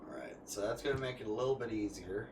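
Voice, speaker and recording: A man streaming casual gameplay commentary who rambles with many fillers and restarts and gets excited and loud about cars. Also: lowish voice, fast talker, noisy background.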